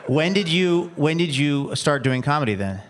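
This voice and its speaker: A man hosting a show, asking easygoing, slightly halting questions in a casual onstage interview. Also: a little high, animated. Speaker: radio show host.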